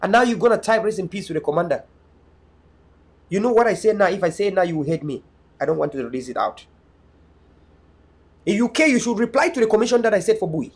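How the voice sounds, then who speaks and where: A man's voice: sits high, expressive, quick pace, long pauses, breathy edge. A young man speaking as an activist and online media host, delivering a fervent, emphatic political monologue with repeated restarts. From Cameroon, North West (Bui).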